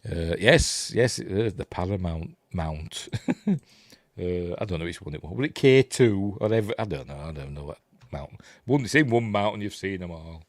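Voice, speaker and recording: A man with a Yorkshire accent talks through a film in casual commentary, his voice sitting fairly low. He rambles along, full of fillers and unsure asides, and the recording is dry and close with no room sound. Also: very animated, normal speed, dry recording. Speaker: host.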